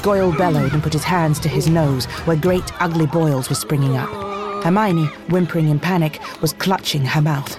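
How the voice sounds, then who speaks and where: A narrator reading a fantasy novel aloud in a steady, expressive storytelling manner. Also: mid-range voice, normal speed, over music. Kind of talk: audiobook reading.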